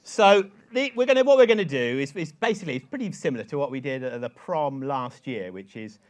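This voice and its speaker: A man with a lively storytelling manner, telling an anecdote on stage to a live audience and leading a sing-along. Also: mid-range voice, brisk. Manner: lively storyteller, quoting emails in voices. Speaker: songwriter giving a talk. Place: event hall with live audience.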